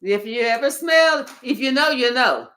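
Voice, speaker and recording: Bright-voiced woman giving a profane reading. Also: high-pitched, normal speed. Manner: profane, playful, animated storytelling. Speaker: spiritual tarot reader. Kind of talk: casual channeled reading.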